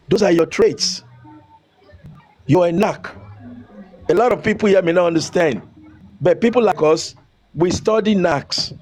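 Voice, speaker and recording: A man's voice: on the high side, expressive, moderate pace, long pauses, darkish tone, low-quality recording. A man with a Nigerian accent in a heated rant, scolding and preaching and repeating phrases to drive his point home. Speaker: online commentator.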